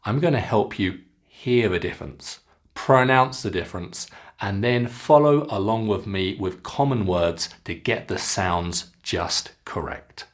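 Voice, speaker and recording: Slow, deliberate British man teaching pronunciation. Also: lowish voice, expressive. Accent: British English. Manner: slow, deliberate, models sounds clearly for learners to repeat. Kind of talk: scripted pronunciation lesson.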